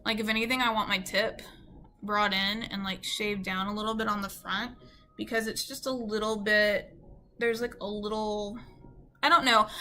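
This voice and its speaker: A woman with a Southern US accent tells a casual story straight to her viewers. Her voice sits a little high and sounds bright and sharp. She rambles in an easy way, peppering every sentence with "like" and "you know.". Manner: chatty, full of "like" and "you know". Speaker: beauty vlogger. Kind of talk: casual storytime chat to camera.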